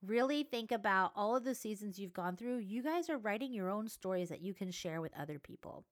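A woman talks through a faith podcast in a loose, chatty way, sprinkling in fillers and acting out her own thoughts. Her pitch sits in an ordinary middle range. The recording is dry and close, with almost no room sound. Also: expressive, fairly quick, no echo. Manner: chatty, conversational, many fillers and self-quotes. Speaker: podcast host. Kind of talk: casual faith podcast talk.

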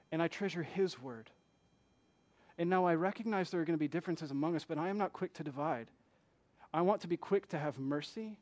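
The speaker is a man with a notably high voice, a pastor giving a conversational sermon. Talking to his congregation as though to a friend, he fires rhetorical questions and moves between hushed asides and loud, emphatic bursts.

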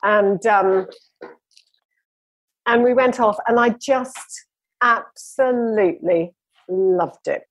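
A woman's voice: mid-range voice, slow pace, pauses often, no room sound. A woman telling her running story with enthusiasm, rambling a little as a guest in a conversation. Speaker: interview guest.

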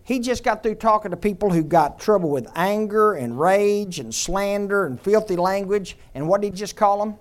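A man preaching a sermon in a conversational way, quizzing the congregation and dropping to a hush on tender points. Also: high-pitched, normal speed, hardly any pauses. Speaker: pastor.

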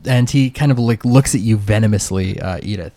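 A man's voice: lowish voice, a little fast, dark tone, no room sound. A man running a tabletop game as game master, narrating with a playful manner and frequent laughter.

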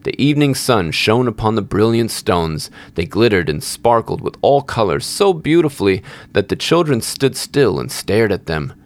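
Low-voiced man narrating a fairy tale. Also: very animated, normal speed, hardly any pauses. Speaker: storyteller.

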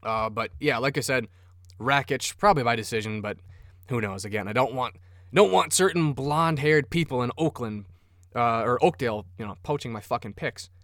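A man from Minnesota hosts a sports podcast, rambling casually and cursing freely with an enthusiastic, profane manner. His voice is medium-pitched and fairly bright at a moderate pace, in a dry, studio-quality recording.

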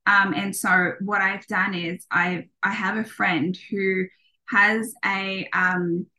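A woman's voice: mid-range voice, flat delivery, slow, sharp tone. A woman in her thirties, a podcast guest, talking casually with many ums and restarts.

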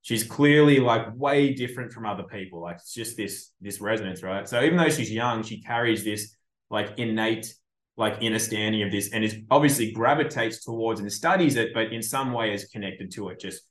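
A man's voice: lowish voice, a little fast. Man, podcast host, casual and blunt, swears freely, echoey room. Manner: blunt, profane, animated storytelling. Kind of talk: casual chat.

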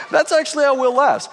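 A man preaching a sermon, telling stories with animated emphasis and repeating words as he builds up. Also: a little high, in a large hall, background noise. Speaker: pastor. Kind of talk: sermon storytelling.

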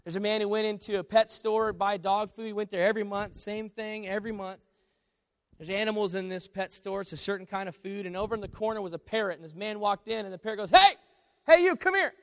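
A man preaching a sermon as pastor, swinging between quiet confession and loud storytelling. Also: sits high, steady tone, quick pace, dry recording, clean studio sound.

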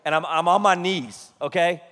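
Animated pastor in a reverberant hall. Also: male voice, fairly high pitch, moderate pace. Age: 30s. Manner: animated, storytelling, frequent "okay?" asides, laughing. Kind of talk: humorous sermon story.

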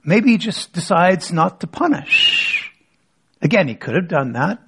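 A man's voice: high voice, very animated, unhurried, very noisy. A man preaching a sermon as pastor, asking rhetorical questions and leading the congregation in reading scripture aloud.

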